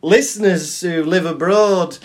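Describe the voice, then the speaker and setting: A man's voice: high voice, a little slow, slight background noise. A man co-hosting a podcast, chatting in jokey banter and slipping into silly impressions. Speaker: podcast co-host. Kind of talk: casual banter.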